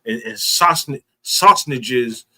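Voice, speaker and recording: A man's voice: medium pitch, lively intonation, slow pace, pushed and bright. A man preaching to a class, repeating lines and building emphasis. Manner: preaching with repetition and rising emphasis. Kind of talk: sermon.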